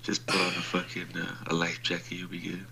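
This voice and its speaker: Joking man with a very bright voice. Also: low-pitched, monotone, brisk, vocal fry, breathy edge. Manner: joking, profane banter. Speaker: friend in conversation. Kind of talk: casual chat between friends.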